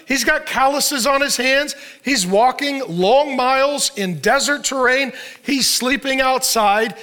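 A male pastor with a strikingly high voice and a bright, forceful edge delivers a sermon. He talks in punchy, joking bursts, tossing rhetorical questions at his listeners and answering them himself.

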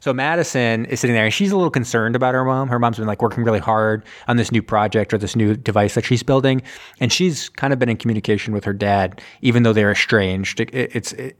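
A man with a slightly low voice chatting casually. He retells a story in a loose, wandering way, stopping to fix his own words and filling gaps with "uh" and "like.". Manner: rambling, loose storytelling full of fillers and self-corrections. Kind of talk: casual chat.

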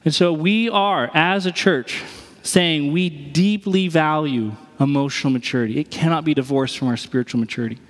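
A man's voice: a little high, moderate pace, big-room sound. A man preaching a sermon as pastor, conversational, and he acts out the voices he quotes.

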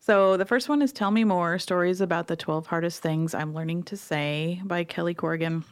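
Woman, co-host, casual chat, lowish pitch, rambling, many fillers. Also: steady tone, moderate pace, clear, resonant tone, dry recording. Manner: chatty, rambling, lots of fillers and restarts. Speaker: podcast co-host recommending books.

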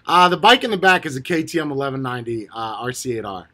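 A man's voice: mid-range voice, lively intonation, fast talker, bright, forceful tone. A man hosting a casual live stream, reading out and answering viewers' comments, often breaking into laughter and swearing casually. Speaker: livestream host reading chat.

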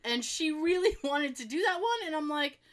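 A chatty woman co-hosting a podcast, spinning a casual story full of ums and asides. Her voice sits somewhat high and moves a lot. She laughs easily as she talks. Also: expressive, moderate pace, fairly bright tone. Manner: chatty storyteller, laughs often, many fillers. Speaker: podcast co-host. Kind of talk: casual chat.

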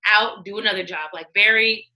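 Bright-voiced woman telling stories. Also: mid-range voice, a little fast, poor audio. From United States. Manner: animated, acts out quoted voices, laughs often. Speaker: guest, music executive. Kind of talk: casual interview storytelling.

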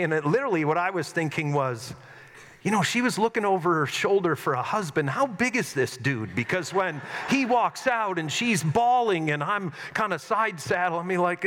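Pastor preaching in a reverberant church hall. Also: male voice, fairly high pitch, animated, normal speed, a bit bright. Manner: storytelling, earnest with self-mocking humor. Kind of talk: sermon. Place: church sanctuary.

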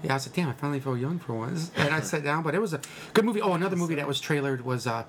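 A man's voice: on the high side, expressive, very fast, a bit bright. A man recapping a movie in casual podcast chat, rambling and laughing as he acts out quotes. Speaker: podcast co-host telling about a movie. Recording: faint background noise.

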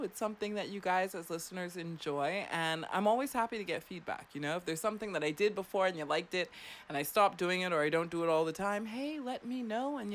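A woman's voice: medium pitch, a little hiss or hum. A young woman hosting a late-night radio show from a studio, chatty and teasing, laughing often. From Bahamas.

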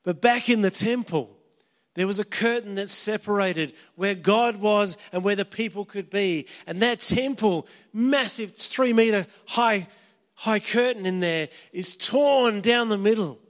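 A man preaching with a very high-pitched voice, retelling a story dramatically as he drops to a hush and then builds to shouts. His voice carries the long reverb of a large hall. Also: a little slow. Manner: dramatic, swinging from hushed to shouting.

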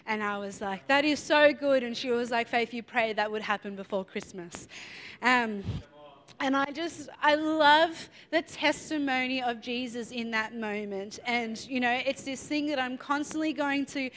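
Chatty high-voiced woman preaching. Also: moderate pace, fairly bright tone. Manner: chatty, storytelling with many fillers and asides. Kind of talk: sermon with personal story.

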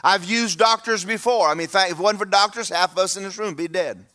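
A man's voice: sits high, fast, pushed and bright. A man, preaching a sermon to his church in a folksy, humorous, emphatic way. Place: church sanctuary.

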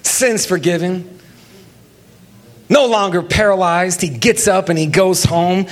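A young man, a pastor, preaching a lively sermon with jokes and calls for the congregation to join in. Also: high voice, slow. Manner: lively, joking, talks with the congregation.

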